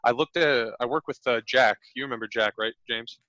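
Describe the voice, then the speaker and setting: A man chatting on a podcast with a bright, forceful voice. The sound is dry and close. He rambles, pokes fun at himself and laughs often. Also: mid-range voice, fairly quick, dry recording, poor audio. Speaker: podcast host. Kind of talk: casual chat.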